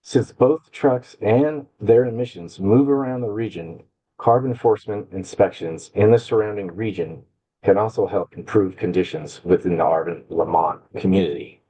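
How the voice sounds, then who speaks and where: A man from an agency giving a slide presentation at a public meeting over a video call, speaking haltingly with restarts. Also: on the low side, warm tone, breathy edge, low-quality recording. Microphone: computer mic on a video call.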